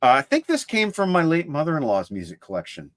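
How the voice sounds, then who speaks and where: A man's voice: on the high side, fast, no echo. A man co-hosting a livestream, chatting enthusiastically about his CD collection. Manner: enthusiastic, lively collector talk. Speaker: co-host showing his CD collection. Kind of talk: casual chat on a livestream.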